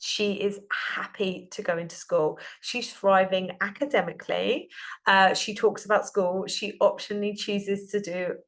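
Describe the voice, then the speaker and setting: A woman's voice: medium pitch, steady tone, moderate pace, a bit bright. A woman hosting her own podcast, talking in a heartfelt, rambling way full of fillers and restarts. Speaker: podcast host and business coach. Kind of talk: casual solo podcast monologue.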